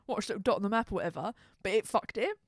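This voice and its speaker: A woman's voice: medium pitch, rapid-fire, dry recording, studio quality. A woman co-hosting a podcast in casual chat, laughing often, swearing freely and acting out game lines. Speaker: podcast co-host.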